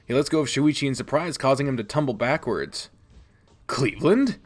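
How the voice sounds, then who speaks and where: A young man hosting a let's play, reading a visual novel aloud with animated, cursing reactions. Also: mid-range voice, fast talker. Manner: animated, swearing, laughs at names.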